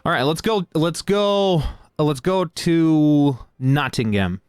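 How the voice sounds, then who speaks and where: A man's voice: on the high side, takes it slowly, clear, resonant tone, no echo. A man hosting a casual livestream interview, laughing often and restarting his sentences. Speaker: stream host.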